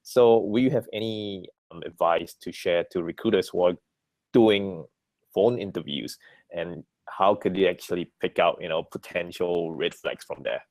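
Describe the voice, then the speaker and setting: A man hosting an interview, asking his guest questions in a hesitant way with many pauses. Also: deep voice, a little mellow, dry recording. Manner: hesitant, many fillers and restarts. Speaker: host.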